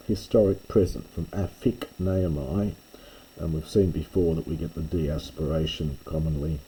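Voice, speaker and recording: A man teaching, working through a Greek text line by line in a methodical way, often pausing to restate and correct himself. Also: deep voice, warm tone, a little hiss or hum, low-quality recording.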